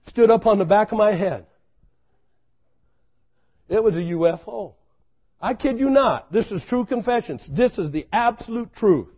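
A man preaching a sermon, telling a story dramatically, swinging from loud exclamations to hushed intensity. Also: high voice, lively intonation, unhurried, long pauses, husky, dull audio.

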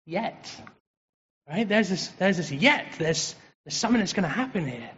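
An English man giving a chatty, lively sermon as a preacher, joking with the congregation. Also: sits high, normal speed. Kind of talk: conversational sermon. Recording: dull, reverberant hall sound.

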